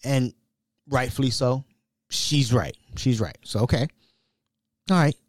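A man hosting a podcast, telling a story in an animated, casual way and sometimes dropping to a whisper. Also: mid-range voice, unhurried, no room sound. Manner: animated, drops to whispers when quoting himself. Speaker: podcast host.

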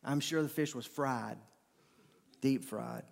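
A man's voice: medium pitch, slow pace, creaky. A middle-aged man preaching a sermon, conversational, with emphatic repetitions and sudden rises in energy. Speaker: pastor. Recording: long reverb of a large hall.

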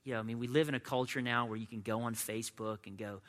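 Man, pastor, casual sermon, bright forceful tone, long church reverb. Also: mid-range voice, steady tone, quick pace. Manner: conversational, acts out imagined voices. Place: church sanctuary.

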